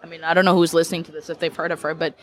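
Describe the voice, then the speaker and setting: A woman's voice: sits low, level tone, very fast. Chatty young woman full of fillers. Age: young adult. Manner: chatty, leans heavily on "like" fillers, laughs easily. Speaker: podcast guest. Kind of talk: casual chat.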